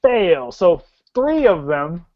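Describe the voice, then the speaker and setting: A man running a tabletop game as game master, excitable and loose, often laughing. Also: on the high side, normal speed, a little hiss or hum. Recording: dull lo-fi recording.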